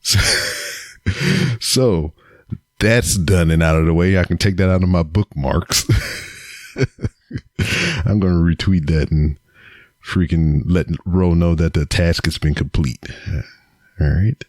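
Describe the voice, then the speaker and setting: Slow and low with a darkish tone and frequent pauses, a man hosts his own casual solo podcast, roasting someone jokingly and cursing as he speaks to camera. The home setup's camera mic yields a dry, studio-quality recording.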